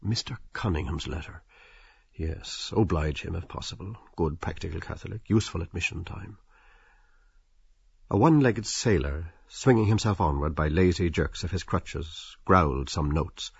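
A man narrating a literary audiobook in a measured, wry and expressive storytelling manner. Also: deep voice, vocal fry, slightly rough, no echo, muffled recording.

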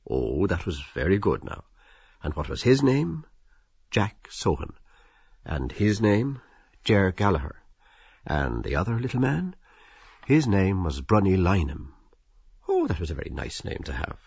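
A man narrating a literary audiobook in a measured, wry and expressive storytelling manner. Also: low voice, gravelly, husky, dry recording, highs cut off.

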